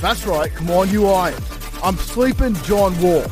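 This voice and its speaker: Brief: loud British lad, voiced by a man, lilting banter, music under. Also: sits high, moderate pace, lightly acted. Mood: rowdy. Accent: put-on British.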